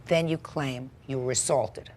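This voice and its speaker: A woman's voice: very deep voice, a little slow, a little mellow, a little hiss or hum. A blunt, sardonic older woman questioning a plaintiff as a TV courtroom judge.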